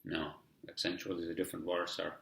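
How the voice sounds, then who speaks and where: Podcast host, male, heavy accent, gravelly low voice, meandering profane monologue, roomy echo. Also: flat delivery, fairly quick, a bit bright. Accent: heavy non-native English accent. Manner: rambling and profane, heavy on "you know" fillers. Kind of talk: casual solo podcast monologue.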